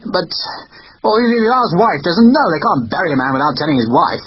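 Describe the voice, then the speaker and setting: A man's voice: on the high side, sing-song, normal speed, slight background noise, pitched above the performer's own voice. A man voicing a blunt male soldier who speaks in short, exclaiming questions. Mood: shocked. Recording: dull lo-fi recording.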